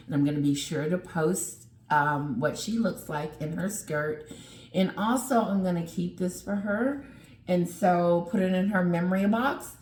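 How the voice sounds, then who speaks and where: A middle-aged woman vlogger unboxing gifts in an excited, gushing chat to camera, exclaiming often. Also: on the low side, reverberant.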